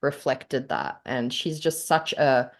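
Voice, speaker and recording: A woman's voice: a bass voice, very animated, takes it slowly, vocal fry. An Australian woman co-hosting a podcast in casual, playful chat, laughing often. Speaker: podcast co-host.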